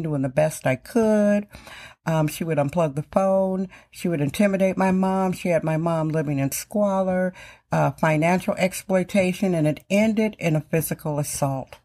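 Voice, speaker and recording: Emphatic low-voiced woman podcaster. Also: a little mellow. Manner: emphatic, repeats phrases for stress. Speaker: podcast host. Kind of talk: casual podcast monologue.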